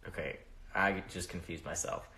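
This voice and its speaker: Young male livestream host, gravelly, easygoing and profane, rambles off track, phone mic in an echoey room. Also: low voice, moderate pace, pushed and bright. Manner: rambling, loses his train of thought and swears freely. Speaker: livestream host answering viewer questions. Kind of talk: casual livestream chat. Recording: roomy echo.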